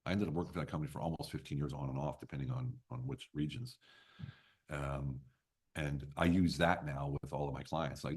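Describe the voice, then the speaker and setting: A man's voice: rumbling low, steady tone, fairly quick, husky. A man in his fifties, a business coach telling stories as a podcast guest, blunt and emphatic with casual swearing. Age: 50s. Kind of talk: podcast interview storytelling.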